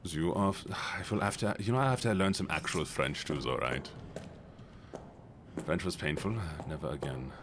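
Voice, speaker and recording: A man streaming a game and chatting casually with his viewers in a playful, goofy way, jumping into sudden high squeaky exclamations. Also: normal speed. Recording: noticeable background noise.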